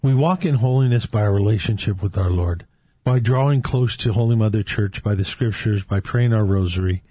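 A man, a Catholic men's ministry leader from California, telling faith stories with lively quoted dialogue in casual chat. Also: on the low side, brisk, husky, dry recording.

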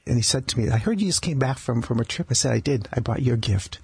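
A man with a very husky, gravelly voice tells stories about his patients in a radio studio. He stumbles and restarts often and repeats words as he goes. The sound is dry and close, with no room around it. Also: medium pitch, expressive, fast, a little mellow, no room sound. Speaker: palliative care doctor, guest. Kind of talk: conversational storytelling interview.

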